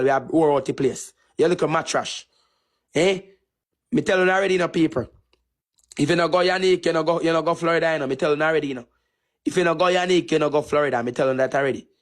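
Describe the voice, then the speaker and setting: Heated Jamaican man ranting. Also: a little high. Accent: Jamaican Patois. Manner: repetitive, taunting, heated. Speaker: TikTok streamer. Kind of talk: angry insult rant on a live stream.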